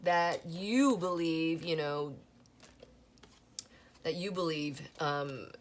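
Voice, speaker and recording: Tarot reader, woman, lower voice, talks to viewers in a loose, emotional, rambling way. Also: drawn-out words, a little hiss or hum. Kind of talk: channeled tarot reading.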